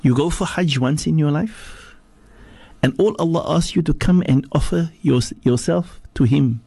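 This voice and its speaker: Husky-voiced preaching man on radio. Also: a little slow, dark tone, no echo. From South Africa. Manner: preaching, emphatic, swings from low to high. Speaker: sheikh giving religious teaching. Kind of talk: radio religious talk. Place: radio studio.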